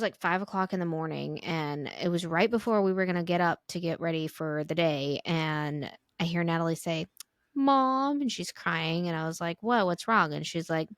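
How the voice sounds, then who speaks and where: Female podcast co-host, 30s, lowish voice, dry close mic, rambling casual storyteller. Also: normal speed, no echo. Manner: chatty, filler-heavy, animated when quoting.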